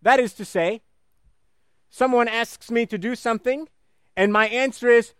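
A man preaching a sermon, animated, acting out voices in his stories. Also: extremely high pitch, normal speed, pauses often, clear, resonant tone, dry recording, studio quality.

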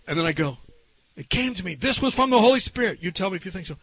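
A man preaching a sermon, telling a story and swinging between shouting and whispering as he acts it out. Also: sits high, expressive, fast talker, slight background noise.

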